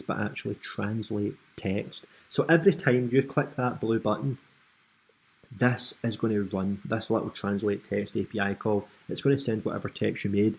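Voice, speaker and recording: Husky-voiced Scottish man teaching software. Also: on the low side, low-quality recording. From Scotland. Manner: casual and friendly, with frequent ums and asides. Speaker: tutorial host. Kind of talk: screen-recorded software tutorial.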